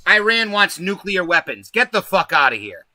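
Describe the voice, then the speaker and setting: A man with a high-sitting voice, big pitch swings, and a sharp tone hosts a livestream at a moderate pace. Speaking straight to his viewers, he delivers a profane, emphatic political rant, captured in a dry recording.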